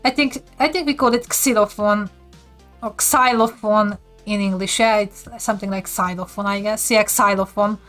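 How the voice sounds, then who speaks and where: A woman's voice: mid-range voice, fairly even intonation, moderate pace, fairly bright tone, soft background music. A woman from Hungary, speaking with a Hungarian accent, chatty and giggling often as she teaches viewers on a casual live stream.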